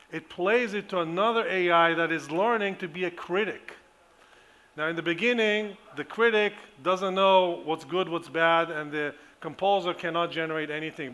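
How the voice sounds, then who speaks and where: A man speaks from a conference stage with a bright, forceful tone, explaining his subject eagerly. His voice sits a little high, and he often stops to restart a phrase or fill a gap with "uh". It sounds like a keynote heard through the hall's microphone. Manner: enthusiastic explainer with frequent ums and restarts. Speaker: engineering professor giving a conference talk.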